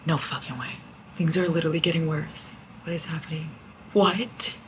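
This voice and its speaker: A young woman talking excitedly in a casual reading vlog, gushing and swearing as she reacts to a book. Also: low voice, brisk, background noise. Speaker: book vlogger.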